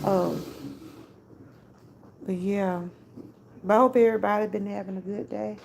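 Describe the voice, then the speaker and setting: A woman's voice: mid-range voice, fairly even intonation, a little slow, gravelly, a little mellow, slight background noise. An older woman, hosting a casual livestream, chatty and laughing often as she talks straight to her viewers. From Georgia, US. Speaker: livestream host.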